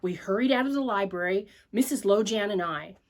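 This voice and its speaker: A woman reading a children's story aloud at church with an expressive, animated delivery. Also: mid-range voice, a little fast.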